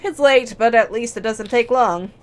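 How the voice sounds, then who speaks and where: A woman's voice: a little high, moderate pace. Wry woman reading a horror game aloud. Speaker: let's play host. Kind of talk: reading a visual novel aloud with commentary.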